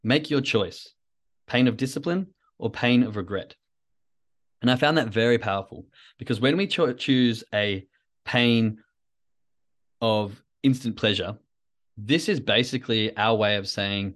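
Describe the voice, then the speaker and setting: A man's voice: medium pitch, measured pace, a bit bright. A man hosting a solo podcast, talking in a rambling, reflective, self-coaching way. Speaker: podcast host.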